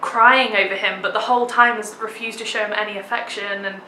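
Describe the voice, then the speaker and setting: A woman's voice: mid-range voice, steady tone, brisk, pushed and bright, echoey room, a little hiss or hum, rough recording. A young woman vlogging a theatre review, gushing with enthusiasm and dropping lots of "like"s. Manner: gushing, enthusiastic, many filler "like"s. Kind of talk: casual theatre review vlog.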